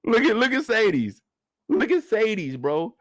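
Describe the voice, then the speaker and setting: Animated high-voiced man hosting a live stream. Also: a little slow, dry recording, studio quality. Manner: animated, joking, talks straight to viewers. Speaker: host reviewing a TV episode. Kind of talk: live after-show stream commentary.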